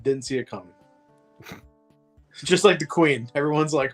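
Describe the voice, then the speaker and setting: A man's voice: on the high side, moderate pace, soft background music. A man co-hosting a film podcast in casual chat, joking and swearing freely, and often laughing. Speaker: podcast co-host.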